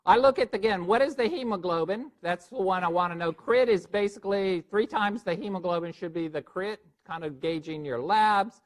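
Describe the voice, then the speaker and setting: A man lecturing a board review class in a lively, joking way, quizzing his listeners as he goes. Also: high voice, moderate pace, few pauses.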